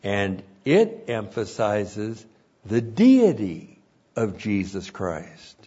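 A man preaching an expository sermon, slow and deliberate, repeating each point for emphasis. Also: lowish voice, sing-song, warm tone, husky, lo-fi sound.

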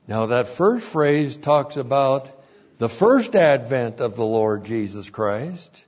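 A man delivers an expository sermon at an unhurried, measured pace, repeating each point for weight. His voice is slightly husky and swings widely in pitch, and the recording sounds muffled and lo-fi. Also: big pitch swings, a little mellow. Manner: slow, deliberate, repeats each point for emphasis. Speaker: preacher.

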